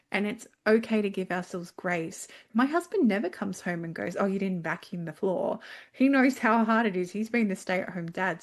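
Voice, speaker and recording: A middle-aged woman talking expressively as a guest on a panel discussion, animated and emotional. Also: medium pitch. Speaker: guest speaker.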